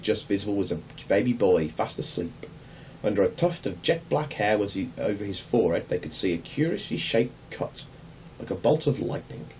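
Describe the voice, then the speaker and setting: A man reading a children's novel aloud in a measured, gentle storytelling manner. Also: fairly low pitch. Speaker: narrator. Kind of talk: audiobook reading. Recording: distant mic, faint hum.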